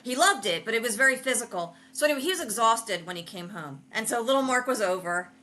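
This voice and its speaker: Middle-aged woman host telling family stories, laughs a lot, bright voice. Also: fairly high pitch, quick pace. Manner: animated, laughs often, acts out quotes. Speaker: podcast host. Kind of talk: casual family storytelling.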